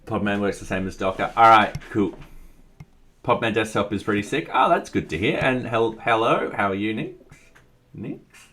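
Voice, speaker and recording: Live-streaming while he codes, an Australian man reads out chat messages and muses aloud, casual and quick to poke fun at himself. His voice sits on the low side, bright and forceful, at a moderate pace.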